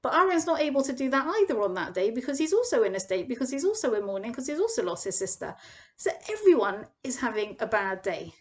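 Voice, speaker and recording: A young woman gives a Torah lesson in an animated storytelling manner. Her voice sits high and swings widely. She acts out the people she quotes. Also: fast. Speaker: Torah teacher. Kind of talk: expressive parsha lesson.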